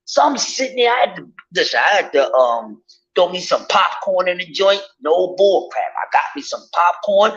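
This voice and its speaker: A man rants casually to his viewers. His voice sits a little high, and he speaks in an animated, profane, mocking way. The recording sounds dull and lo-fi. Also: normal speed. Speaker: vlogger. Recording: dull lo-fi audio.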